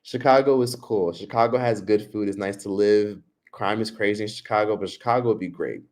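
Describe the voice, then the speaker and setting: A man with a fairly low voice rants on a casual livestream. He talks straight at his viewers, swearing freely and going off on tangents in a loose, unscripted way. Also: fairly quick, darkish tone. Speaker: livestream host.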